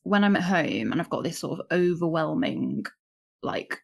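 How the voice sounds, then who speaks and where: A woman's voice: low voice, expressive, normal speed, creaky, darkish tone. A woman who is a guest on a podcast, chatting casually and enthusiastically and peppering her talk with "like". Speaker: podcast guest, marketing director. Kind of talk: casual chat.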